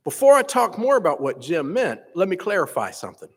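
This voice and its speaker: Man, commencement speaker at a podium, expressive lively delivery, big reverberant hall. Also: a little high, husky. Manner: measured, earnest address. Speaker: faculty senate president. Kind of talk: commencement speech. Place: large hall. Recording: echoey hall PA recording.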